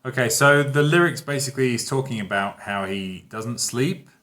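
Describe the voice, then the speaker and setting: A man, teaching a grammar lesson in a relaxed, patient way and often checking in with his students. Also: medium pitch, normal speed. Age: 30s. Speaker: English teacher. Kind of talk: casual online grammar lesson.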